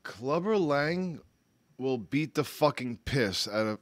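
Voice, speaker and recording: A man's voice: mid-range voice, slow pace, no room sound. Hiccuping, blunt co-host man. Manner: blunt, profane, lively. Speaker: podcast co-host. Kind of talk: casual chat.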